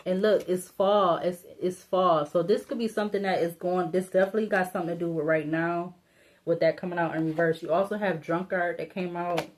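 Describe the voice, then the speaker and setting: Low-pitched woman as a chatty tarot reader, mumbling through the cards and swearing casually. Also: fairly even intonation, fairly quick. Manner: rambling, thinking aloud, laughing to herself; blunt and informal, cursing casually. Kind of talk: casual solo tarot reading.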